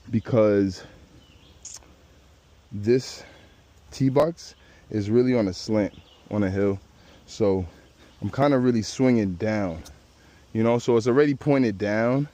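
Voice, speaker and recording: A man's voice: mid-range voice, warm tone. A young man casually narrating his golf round outdoors on a course, playful and chatty, joking and talking to his ball. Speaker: golf vlogger.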